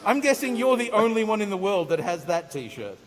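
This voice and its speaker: A man's voice: high-pitched, big pitch swings, fairly quick. A man hosting a live convention panel, upbeat and repeating questions from the audience. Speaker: panel host. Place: large convention hall stage. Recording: convention hall reverb, faint hiss.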